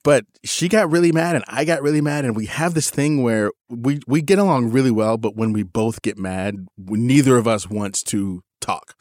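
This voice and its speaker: A podcast co-host in his forties tells a casual story about his teenagers, speaking at a normal speed with hardly any pauses. He animatedly acts out the quotes with big, sudden pitch jumps. The recording is studio quality with no echo.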